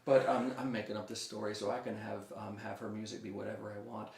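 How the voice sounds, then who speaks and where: A man's voice: fairly low pitch, little pitch movement, fast talker, gravelly, slight background noise. A young man teaching a music lesson for children, upbeat and leading the kids in call-and-response. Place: room at home. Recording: echoey room.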